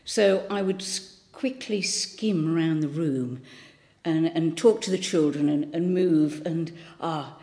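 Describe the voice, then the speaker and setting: Low-voiced elderly woman telling stories. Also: takes it slowly, dark tone. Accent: faint Birmingham. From Birmingham, England. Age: 80s. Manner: chatty and rambling, with many ums and restarts. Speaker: speaker giving a thought for the day. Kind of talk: casual anecdotal talk.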